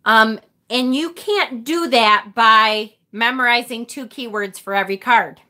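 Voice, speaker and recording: A woman's voice: a little high, measured pace, bright, forceful tone. A woman hosting a live tarot stream, talking casually and animatedly with the occasional mild swear.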